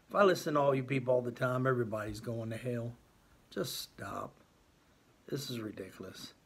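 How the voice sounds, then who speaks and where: A man's voice: mid-range voice, slightly rough. A man giving an earnest, exasperated talk about his faith to his channel's viewers. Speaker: christian youtuber. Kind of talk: impassioned faith monologue.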